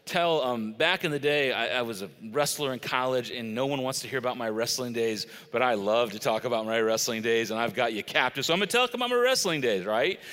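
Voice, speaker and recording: Male pastor, middle-aged, sermon, bright tone, long hall reverb. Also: medium pitch, animated, fairly quick, hardly any pauses, clean tone. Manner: storytelling, conversational with emphatic stresses.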